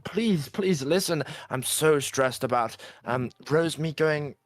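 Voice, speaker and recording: A woman's voice: deep voice, slow pace, no room sound, faint music behind, voice pushed up. A man voicing a distraught middle-aged village mother who pleads and stammers through tears. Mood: pleading. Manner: tearful, pleading, breaking voice.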